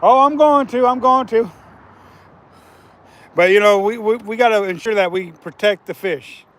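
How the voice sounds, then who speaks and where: A man's voice: high voice, normal speed, fairly bright tone. A man hosting a casual fishing livestream from outdoors by a river, chatting with viewers and laughing often.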